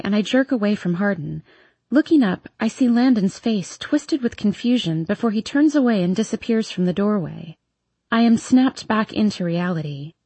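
A woman reading a first-person romance story aloud in a soft, intimate manner. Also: mid-range voice, slightly rough, no room sound. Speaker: audiobook narrator.

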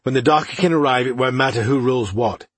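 A man's voice: mid-range voice, fast, breathy edge, no echo, close to an everyday voice. Aladir, a cold old elf commander, as a male narrator voices him. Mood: commanding. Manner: curt, commanding and contemptuous.

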